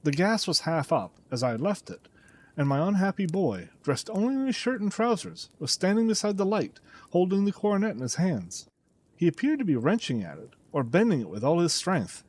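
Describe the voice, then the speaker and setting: A man narrating a classic detective story as an audiobook, dramatic and expressive. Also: high voice, brisk.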